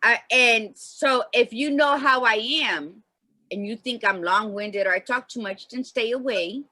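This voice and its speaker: Woman co-host, chatty and emphatic storyteller, bright tone. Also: fairly high pitch, unhurried, no echo. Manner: long-winded storyteller, emphatic. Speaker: podcast co-host. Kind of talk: casual chat.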